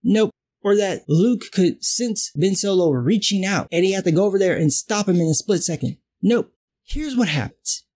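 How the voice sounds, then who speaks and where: A husky-voiced man rants through a film review, full of profanity and disbelief. His pitch swings widely as he builds his outrage. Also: lively intonation, moderate pace, darkish tone. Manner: profane, exasperated ranting.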